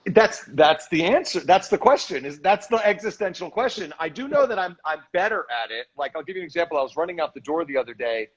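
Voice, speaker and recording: A man's voice: fairly high pitch, big pitch swings, quick pace, few pauses, slightly rough, highs cut off. A man, an actor and director, talking casually and reflectively in a live video chat, rambling a little and sounding tired. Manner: reflective, rambling, self-deprecating.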